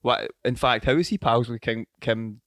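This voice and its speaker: A man's voice: medium pitch, moderate pace, vocal fry, a bit bright, dry recording. Guy cracking crude jokes on a podcast, mid voice, dry close sound. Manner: joking, sweary banter. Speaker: podcast co-host. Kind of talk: casual chat.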